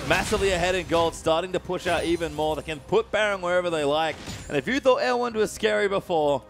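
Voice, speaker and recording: A man calling esports play-by-play, his delivery climbing into excited calls when fights break out. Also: high voice, fast talker, gravelly, noisy background. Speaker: play-by-play caster.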